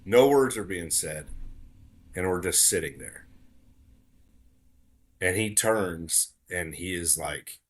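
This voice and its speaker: Man, lowish voice, earnest storyteller, repeats words for emphasis, podcast guest. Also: animated, slow pace, long pauses. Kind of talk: storytelling in casual conversation.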